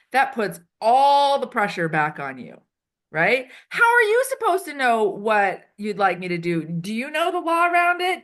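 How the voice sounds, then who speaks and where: Animated woman acting out examples. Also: mid-range voice, a little slow. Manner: animated, acts out quoted lines. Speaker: HR consultant and improv performer. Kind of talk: casual interview answers. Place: Switzerland.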